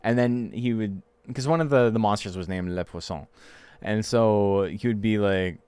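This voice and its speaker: A man's voice: fairly low pitch, animated, a little slow, darkish tone, clear, resonant tone, no room sound. A man, chatting loosely and swearing casually while commentating a game tournament on a stream. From Canada. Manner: loose and profane, laughing often.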